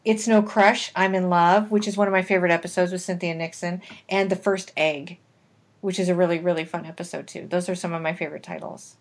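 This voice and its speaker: A woman co-hosting a casual podcast chat, chatty and quick to laugh. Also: on the low side, steady tone. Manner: chatty, laughs often, romantic enthusiast. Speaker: podcast co-host.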